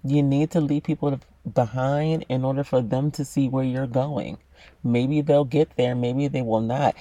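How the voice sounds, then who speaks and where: Gravelly man preaching self-love bluntly. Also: sits high, warm tone, no room sound. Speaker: self-help podcaster. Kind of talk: profane motivational monologue.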